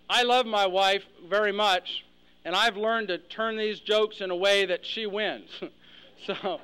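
An American after-dinner speaker gives a humorous speech in a luncheon hall before a live audience, telling jokes and acting out characters. His voice is high, pushed and bright, with a clean tone, though the recording quality is low.

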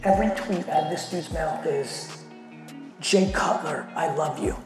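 A middle-aged man giving a blunt, animated keynote to a company audience and swearing constantly as he tells a story. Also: fairly high pitch, measured pace. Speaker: keynote speaker. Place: large hall at a company event. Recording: echoey hall with faint music.

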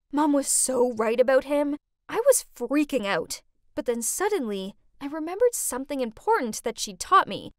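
A woman narrating a scripted first-person story in an animated, exclamatory way. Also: high voice, dry recording, studio quality.

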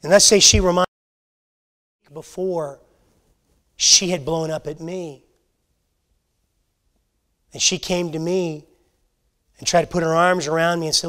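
A man teaching a Bible lesson to a church class, earnest and halting, often restarting his sentences. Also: fairly high pitch, fairly even intonation, fairly bright tone. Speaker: Sunday school teacher.

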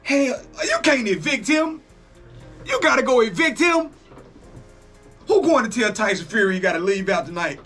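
A man hosting a reaction video, talking casually, excitable and profane, exclaiming often. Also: extremely high pitch, normal speed, long pauses, faint music behind.

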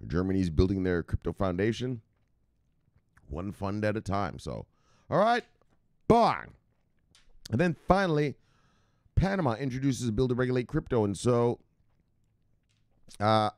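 A man's voice: low voice, darkish tone, dry recording, studio quality. An American man hosting a crypto news show in casual, profane, rambling commentary with mock dramatic voices.

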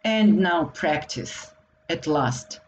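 Slovak-accented woman teacher, slow patient drills, faint room hum behind. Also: sits low, lively intonation, muffled recording. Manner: slow and deliberate, repeating words for learners. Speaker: language teacher. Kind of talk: slow grammar lesson for beginners.

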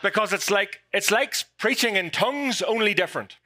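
A man from Ireland with a Northern Irish accent preaches a sermon as a guest pastor in a church sanctuary, poking fun at himself and turning emotional. His voice sits high and sounds sharp, animated, and moderately paced. The recording is dry.

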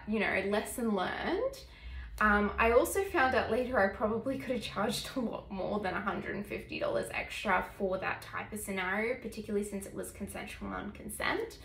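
A woman's voice: medium pitch, a bit bright. Chatty woman telling a story, echoey room. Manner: chatty, filler-heavy, lots of "like". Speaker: vlogger. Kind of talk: casual storytelling.

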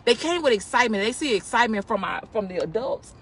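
A woman hosting a casual devotional talk, speaking with excitement and emphatic repetition. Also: fairly high pitch, fast talker, a little hiss or hum. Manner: excited, emphatic, with repeated phrases.

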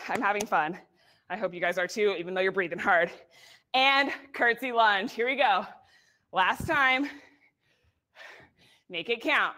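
A woman's voice: mid-range voice, unhurried, long pauses, bright, forceful tone. A young woman leading a live workout, cheering people on with whoops and short cues, audibly out of breath. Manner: upbeat, encouraging cues with whoops. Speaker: fitness instructor.

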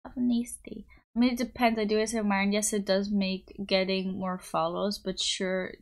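Young woman streamer, chatty and giggly, mid-pitched, casual rambling talk into a desk mic. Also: level tone, moderate pace. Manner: bubbly, rambling, giggly, reads chat aloud. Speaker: livestreamer. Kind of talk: casual chat with live chat. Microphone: desktop USB mic.

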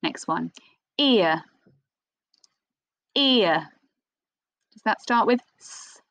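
A woman leads a phonics lesson for small children, her pitch rising and falling in a bouncy sing-song while she takes each word slowly and clearly. The sound is dry and close, with no room echo. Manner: slow, expressive sing-song teacher voice with gasps of excitement. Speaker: primary school teacher.

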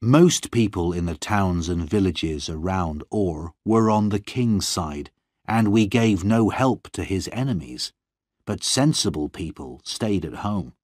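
A man with a very low, deep voice narrates a first-person story at a slow, measured pace. His reading is calm and even. The sound is dry and close to the mic, with no room around it. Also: no echo. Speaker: audiobook narrator.

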